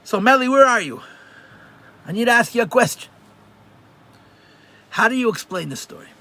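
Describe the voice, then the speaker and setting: Speaking at a normal speed with an extremely high pitch, a rabbi teaches a live religious class. He tells stories animatedly, often repeating phrases for emphasis.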